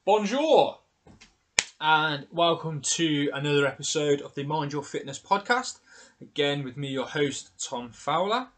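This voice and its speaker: A man's voice: a little high, moderate pace, fairly bright tone. Frank man hosting a podcast. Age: adult with children. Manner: frank, candid and self-deprecating, with casual swearing. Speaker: podcast host. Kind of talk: casual solo podcast talk.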